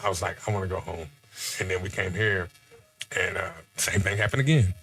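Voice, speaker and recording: A man from Texas, chatting casually on a podcast and telling animated stories with acted-out quotes. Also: sits low, brisk.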